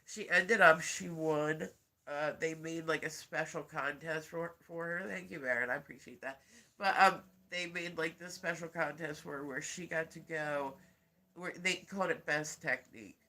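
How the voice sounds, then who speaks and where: A man's voice: a little high, normal speed, bright, forceful tone. A man casually chatting on a livestream, rambling and laughing often while congested with a stuffy nose. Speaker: livestream host.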